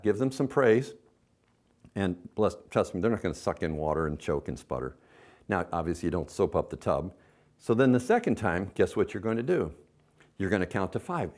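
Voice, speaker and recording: Middle-aged guy, low voice, swim coach tips, bouncy up and down delivery. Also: big pitch swings, brisk, a little mellow. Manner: folksy, coaching, acts out a parent's sing-song counting. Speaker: swim instructor. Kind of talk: instructional video talk.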